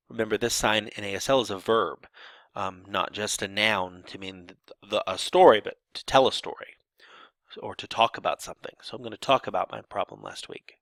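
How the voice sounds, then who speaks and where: A man's voice: on the low side, a little fast, fairly bright tone, no echo. A man teaching sign language grammar in a lecture, explaining step by step with fillers and restarts and acting out example sentences.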